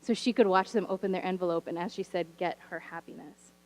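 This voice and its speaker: A woman teacher telling stories from her classroom in a church sermon, animated and wry, with humorous asides. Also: on the low side, fast talker, poor audio. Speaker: teacher sharing a story from the pulpit. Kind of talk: storytelling sermon. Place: church sanctuary.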